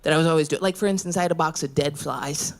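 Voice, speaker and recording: A woman in her thirties doing a stand-up set, telling a profane story in a brash way and breaking into yelling rants. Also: low-pitched, fast. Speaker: stand-up comedian. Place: comedy club stage. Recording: live club with loud crowd laughter. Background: audience laughing.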